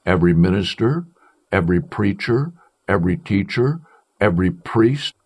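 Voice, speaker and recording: A male preacher delivering an emphatic sermon, declaiming with strong swings in pitch and pace. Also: lively intonation, normal speed.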